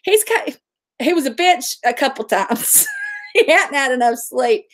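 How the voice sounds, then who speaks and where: A woman's voice: high voice, expressive, a little slow. A middle-aged woman, hosting a casual livestream, chatting and answering viewer comments. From West Virginia, USA. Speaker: livestream host.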